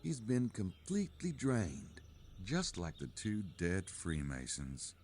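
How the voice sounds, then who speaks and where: A man's voice: low-pitched, wildly swooping pitch, slow, heavily acted. An actor voicing a wry adult male detective in a video game, with dry asides. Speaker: game protagonist.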